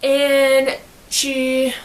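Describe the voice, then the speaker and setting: A woman giving a casual book summary in slangy, animated storytelling, acting out quotes as she goes. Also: high-pitched, extremely slow. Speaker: student reviewer.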